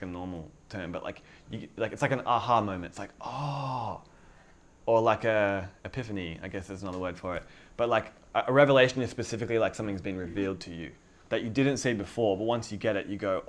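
Young male preacher, lower pitch, chatty and laid-back delivery. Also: a bit bright. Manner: conversational, lots of filler likes, laughs easily. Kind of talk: casual sermon.

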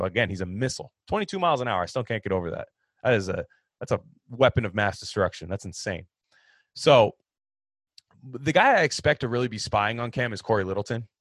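A man with a fairly low voice talks football in a loose, opinionated ramble, often restarting his sentences as he works through a point. He sounds like a sports podcast host chatting to his listeners. The recording is close and dry, with no room echo. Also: a bit bright. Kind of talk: casual sports commentary.

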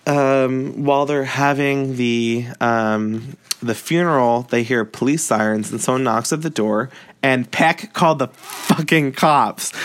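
A man talking casually about a book he is reading, rambling with lots of fillers and short laughs. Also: medium pitch. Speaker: book reviewer.

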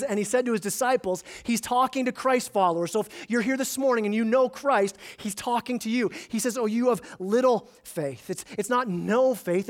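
High-voiced man preaching a sermon. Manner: conversational, repeats words when emphasizing. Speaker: pastor.

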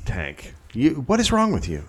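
A man co-hosting a casual comedy chat, wry and deadpan with profane jokes. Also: on the high side, moderate pace. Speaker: podcast co-host.

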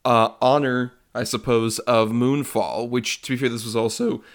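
Man, podcast co-host, chatty, rambling, laughs often, mid-pitched voice. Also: fairly even intonation, moderate pace. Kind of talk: casual film podcast chat.

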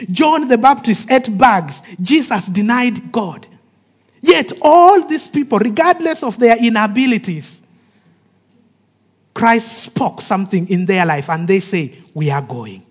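A man preaching a sermon with emphatic delivery that drops to soft, hushed phrases, acting out the voices of the people in his stories. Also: very high-pitched, animated, measured pace. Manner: acts out quoted speech of the people in his stories.

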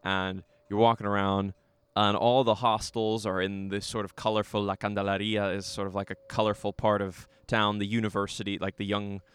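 Low smooth-voiced young American man. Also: little pitch movement, brisk, few pauses, a bit bright. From United States. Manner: rambling, filler-heavy storytelling with frequent "like". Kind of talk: casual conversation.

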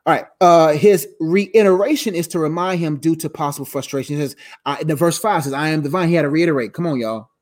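A man's voice: a little high, a little fast, few pauses, darkish tone. A tired man teaching the Bible live in a casual, slangy way, repeating words as he goes. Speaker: preacher streaming live.

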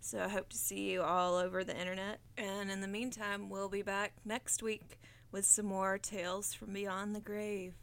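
A woman hosting a horror podcast who reads a scary story with steady, dramatic storytelling and closes with a relaxed, chatty sign-off. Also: medium pitch, moderate pace, vocal fry.

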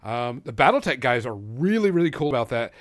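A man's voice: mid-range voice, big pitch swings, brisk, no echo, studio quality. Man telling convention stories. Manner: swearing, storytelling with acted-out quotes. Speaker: podcast co-host. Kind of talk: casual chat.

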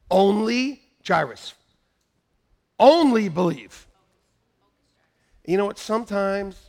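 A middle-aged man preaching a sermon as pastor, animated, breaking into shouted bursts and laughing asides. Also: medium pitch, vocal fry.

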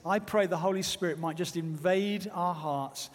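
A man's voice: high voice, moderate pace. A man preaching a sermon with fervent, earnest exhortation. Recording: long hall reverb.

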